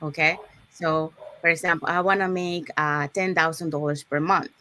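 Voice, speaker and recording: A woman with a somewhat low voice hosts a live online session. She breaks ideas down patiently, often restarting sentences and checking in with "okay?". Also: steady tone, moderate pace, bright, forceful tone, a little hiss or hum. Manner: explains step by step with many okays and restarts. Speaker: host.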